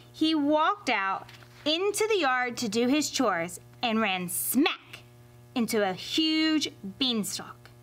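A woman reading a fairy tale aloud to children as a library storyteller, expressive and animated. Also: fairly high pitch. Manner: expressive and animated, addressing kids.

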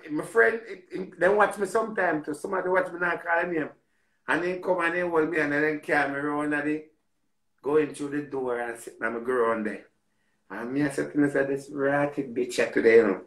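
A man with a Jamaican accent telling a story in a casual, animated way, repeating words and swearing freely. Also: on the high side, roomy sound.

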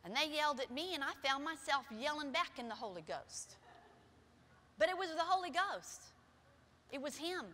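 A middle-aged woman pastor preaching a sermon with personal stories in a church, shifting from soft, quiet passages to loud, emphatic ones. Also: high-pitched, lively intonation, normal speed. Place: church sanctuary. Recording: long hall reverb.

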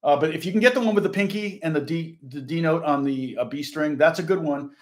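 A man's voice: fairly high pitch, fast. Chatty older man teaching guitar. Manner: rambling, chatty, answers viewers' comments. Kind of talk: casual live-streamed guitar lesson. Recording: echoey room with guitar playing.

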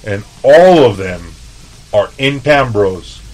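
A man's voice: medium pitch, animated, slow pace, a little mellow, low-quality recording. A man from El Paso, a chef guest telling laid-back, profane stories in a casual interview. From El Paso, Texas.

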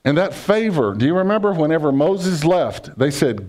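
A pastor preaching a conversational sermon, joking and asking the congregation questions. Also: male voice, fairly high pitch, sing-song, normal speed, a little mellow.

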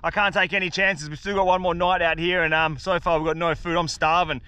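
A young Australian man vlogging a solo survival trip outdoors, excitable and slangy, talking straight to camera. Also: fairly high pitch, a little fast, smooth, no echo. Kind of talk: casual outdoor vlog. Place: outdoors on a beach in the bush.

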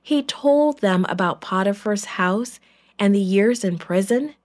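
A woman narrating a children's Bible story in a gentle, clear, deliberate way. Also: medium pitch, lively intonation.

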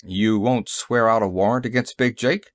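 A man doing a gruff, sarcastic police detective. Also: on the low side, fairly even intonation, moderate pace, no echo, clean studio sound, lightly acted. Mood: bitter. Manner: growling, sarcastic.

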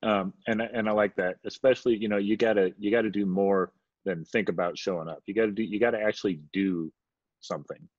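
A man hosting an interview over a video call, asking questions in a halting, casual way. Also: fairly low pitch, fairly even intonation, breathy edge, dry recording. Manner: halting, casual, thinks aloud. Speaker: host. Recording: dull lo-fi video call audio.

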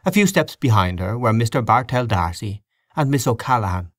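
A man narrating a literary audiobook with a measured, expressive reading. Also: medium pitch, no room sound, studio quality.

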